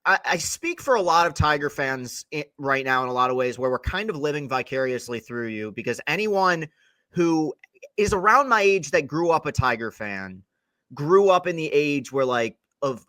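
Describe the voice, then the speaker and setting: Young man, podcast host, bright voice, dry sound, long rambling questions. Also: fairly high pitch, expressive, moderate pace, dry recording. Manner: rambling, self-correcting, long wind-up questions. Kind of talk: casual interview podcast.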